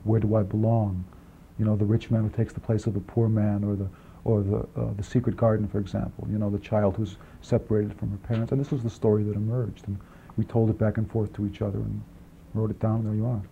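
A man being interviewed about his film work, talking quickly in long rambling answers with many restarts and asides, on an old archival tape. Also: on the low side, level tone, creaky, mellow. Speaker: film writer and director, interview guest. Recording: dull archival 1980s interview tape, faint hiss.

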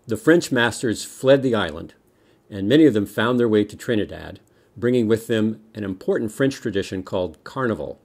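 A middle-aged man from the United States giving a history lesson to children, explaining lively and dropping small jokes. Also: on the low side, moderate pace. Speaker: music teacher.

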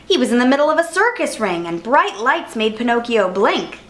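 A woman reads a children's picture book aloud as a storyteller. She is expressive and animated, with a fairly high voice that rises and falls a lot. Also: brisk.

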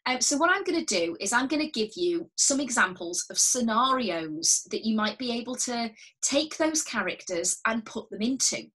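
A woman's voice: a little high, lively intonation, normal speed, sharp tone. Woman giving patient drama instructions. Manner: clear, patient, step-by-step instructions, often repeating key words; encouraging and reassuring toward learners at home. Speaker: drama workshop leader. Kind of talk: recorded instructional drama lesson.

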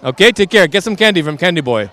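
Cheerful high-voiced man interviewing kids outdoors. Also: lively intonation, racing, sharp tone. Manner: cheerful, coaxing, jokey, playing a mock vampire count. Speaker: community TV street interviewer. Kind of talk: casual street interviews with costumed children. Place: outdoors at a street Halloween parade.

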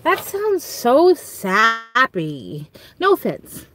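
Southern woman, young, high lively voice, giggly livestream host. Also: very slow, a little hiss or hum. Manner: loud giggly, swings into high squealing quotes. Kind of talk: casual livestream chat.

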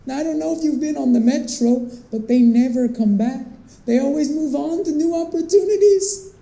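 A man performing a theatrical storytelling monologue, animated and swinging between hushed and excited tones. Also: extremely high pitch, normal speed, creaky. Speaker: performance artist. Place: performance space with live visitors. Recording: roomy echo.

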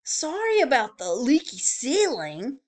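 Storybook bellhop, courteous and fretful, read by a woman; high, slow and lively. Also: full character voice. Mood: polite. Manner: courteous, warning, hushed at times. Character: polite, fretful hotel bellhop.

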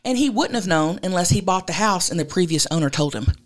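Woman, podcast co-host, casual chat, animated storyteller, slangy, lower voice. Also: quick pace. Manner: animated storyteller, swearing, says dude.

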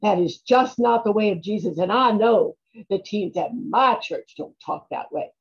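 A woman's voice: medium pitch, moderate pace, vocal fry, breathy edge, muffled recording, voice pushed down. A woman doing a prim, scolding churchgoing aunt. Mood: disapproving. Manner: scolding, soft and clipped. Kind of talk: stage monologue.

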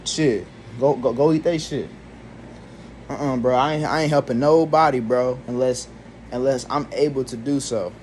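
Swearing his way through a meandering, irritated monologue, a young male vlogger lets off steam. His mid-range voice moves at a normal speed and is a little mellow, with a bit of hiss or hum in the recording.

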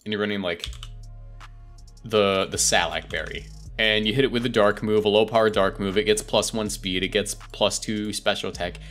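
A man's voice: fairly low pitch, fairly even intonation, a bit bright, faint music behind. A young man hosting his own gaming channel, talking casually and correcting himself mid-thought as he rates game characters. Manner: chatty, self-correcting, quick asides. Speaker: competitive gaming video host. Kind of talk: casual commentary.

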